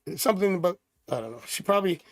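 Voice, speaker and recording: A man's voice: high voice, lively intonation, rapid-fire, dry recording, clean studio sound. A middle-aged man from Canada doing a live tarot reading, chatty and rambling with jokey asides. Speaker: tarot reader.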